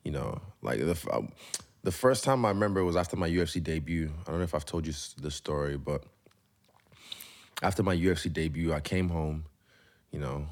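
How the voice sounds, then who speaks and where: A man's voice: extremely low pitch, a little mellow. A man, a professional fighter, speaking as an interview guest in a loose, rambling, candid way and swearing freely. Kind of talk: candid casual conversation.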